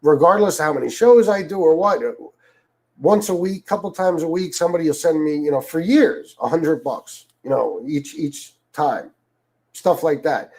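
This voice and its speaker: A man's voice: fairly high pitch, normal speed, poor audio. A middle-aged man hosting a livestream, ranting in casual, profane commentary full of repeats and asides. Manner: profane, repetitive, animated storytelling. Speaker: livestream host.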